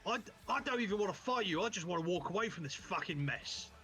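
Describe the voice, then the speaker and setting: A man's voice: high voice, expressive, fast talker, pushed and bright, soft background music, voice pushed up. A man voicing a foul-mouthed, exasperated male bandit chief who swears constantly in a raised voice.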